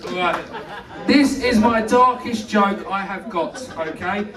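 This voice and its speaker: A man's voice: sits high, distant mic. A British man hosting a comedy night, telling crude jokes and bantering brashly with the crowd. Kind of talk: live stand-up, compering. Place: comedy club stage. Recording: echoey club heard from afar. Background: audience laughter.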